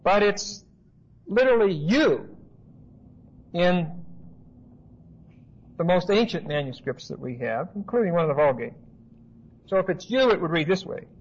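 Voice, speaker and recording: Brief: emphatic male Bible teacher, high voice, dull lo-fi recording. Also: lively intonation, unhurried, pauses often, breathy edge. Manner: explanatory, emphatic, with asides and rhetorical questions.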